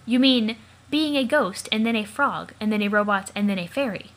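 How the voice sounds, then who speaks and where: A woman's voice: medium pitch, normal speed, natural voice. A woman voicing a cheerful, curious teenage girl, for a let's play of a comic.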